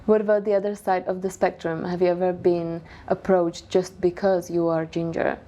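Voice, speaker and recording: A woman interviewing a guest, asking short questions and giving quiet, attentive affirmations. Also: lowish voice, flat delivery, normal speed.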